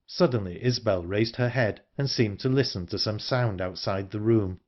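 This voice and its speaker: A man narrating a horror novel audiobook in an expressive storytelling manner. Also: fairly low pitch, moderate pace, few pauses, dull audio. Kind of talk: scripted narration.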